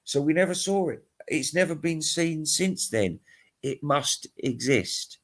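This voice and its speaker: A man's voice: mid-range voice, unhurried. A middle-aged man talks in a loose, rambling vlog, sounding tired at the end of the night. He rants and swears his way through his complaints, chuckling to himself between points. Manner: profane, ranting, chuckling. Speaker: music vlogger. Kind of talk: casual rambling monologue.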